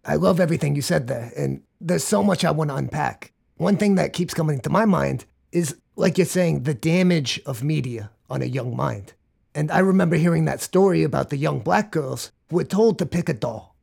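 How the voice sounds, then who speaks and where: Male interview host, gravelly and husky, engaged. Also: a little high, moderate pace, a little mellow. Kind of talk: conversational interview.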